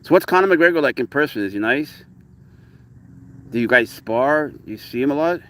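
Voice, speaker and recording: A man's voice: medium pitch, expressive, moderate pace, a bit bright. A man casually chatting while out with his pet cat, rambling about life and switching into cooing baby talk for the animal. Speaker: cat owner vlogger. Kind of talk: casual outdoor vlog chat. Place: outdoors by a lake.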